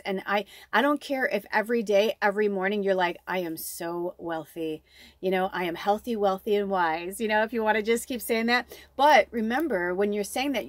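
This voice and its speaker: A woman's voice: medium pitch, dry recording. Chatty woman giving a spiritual reading. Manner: rambling and heartfelt, full of "like" and "you know", with the odd swear. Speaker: psychic medium giving an oracle card reading. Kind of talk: casual spiritual reading to camera.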